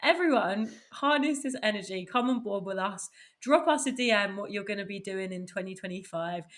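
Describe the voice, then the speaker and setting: A woman hosting a podcast in casual chat, bubbly and enthusiastic and quick to laugh. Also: medium pitch, a bit bright. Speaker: podcast host.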